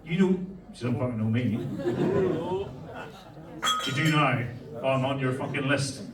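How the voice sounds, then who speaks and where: On stage at a comedy club, an Irish comic in his youth works the crowd with brash, foul-mouthed material, cracking himself up as the audience laughs. His mid-range voice moves a little slowly, captured from a distance in a roomy, rough recording.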